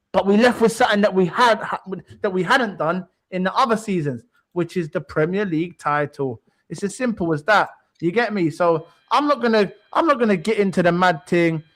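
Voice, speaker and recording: Boastful high-voiced man. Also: a bit bright. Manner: boastful, taunting. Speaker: podcast co-host. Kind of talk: heated football banter.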